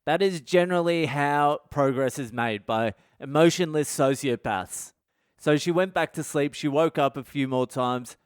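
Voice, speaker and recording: A man's voice: a little high, moderate pace, clear, resonant tone, no room sound, clean studio sound. A middle-aged man, hosting a podcast and telling a comedic story in a rambling, candid way with heavy swearing. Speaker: podcast host.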